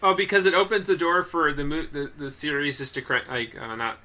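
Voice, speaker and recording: A man's voice: fairly high pitch, steady tone, fairly quick, sharp tone. A young man co-hosting a casual movie podcast, rambling and correcting himself as he talks, often laughing. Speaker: podcast co-host.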